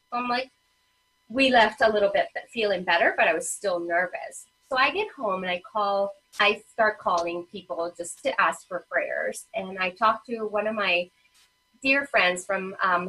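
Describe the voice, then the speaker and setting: A woman's voice: medium pitch, fairly bright tone, breathy edge, rough recording. A woman in her thirties, a parent advocate, telling a personal family story in a casual interview, full of fillers and acted-out quotes. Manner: emotional storytelling with many fillers. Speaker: guest, parent advocate and children's author.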